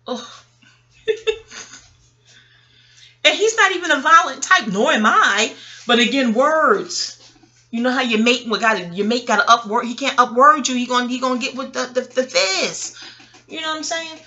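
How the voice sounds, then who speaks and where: A woman, telling a personal story to her viewers in a casual, profane and animated monologue. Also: high voice, normal speed, long pauses. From New York. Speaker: vlogger.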